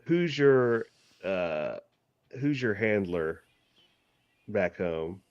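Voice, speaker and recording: A man voicing a gruff, suspicious male bartender in a tabletop game, curt and grunting. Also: lowish voice, lively intonation, very slow, no echo, muffled recording, exaggerated voice.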